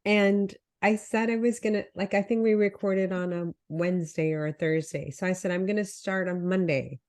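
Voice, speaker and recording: A woman's voice: mid-range voice, fairly even intonation, normal speed, a little mellow. A woman co-hosting a casual chat, sounding nasal and congested from a cold, chatty and self-deprecating. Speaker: podcast co-host, health coach.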